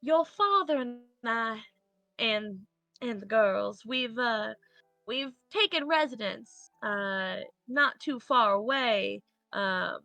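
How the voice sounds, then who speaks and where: A woman's voice: on the high side, expressive, slow pace, creaky, pushed and bright, no room sound, soft background music, full character voice. A woman voicing a loving homesteading mother who misses her child, in an attempted Southern accent and a tender, doting manner.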